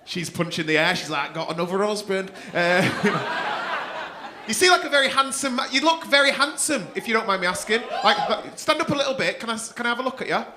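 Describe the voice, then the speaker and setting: A man's voice: very high voice, sing-song, fast. A man doing stand-up crowd work on a comedy club stage, brash and teasing, swearing and laughing as he talks. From England. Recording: live club with loud crowd. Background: audience laughter.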